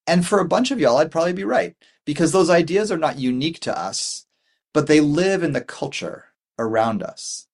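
A man's voice: on the high side, animated, moderate pace, vocal fry. A man in his forties giving a dharma talk as a Buddhist meditation teacher, rambling and thoughtful, with many fillers and restarts.

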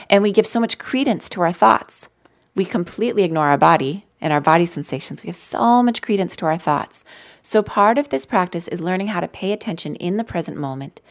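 A woman telling personal stories in a gentle, conversational way as she leads a live mindfulness talk for an audience. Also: lowish voice. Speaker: mindfulness teacher. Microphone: handheld mic.

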